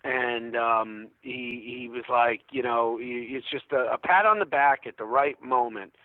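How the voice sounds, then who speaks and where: A man, a guest comedian, talking in a halting way, full of ums and restarts. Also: medium pitch, no room sound, phone-quality sound. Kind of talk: casual interview talk.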